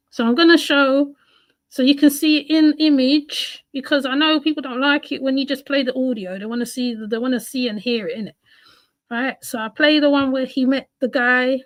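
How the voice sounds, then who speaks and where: A woman giving casual live-stream commentary on a clip, calm and conversational while she steers the chat. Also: high voice, moderate pace, no echo.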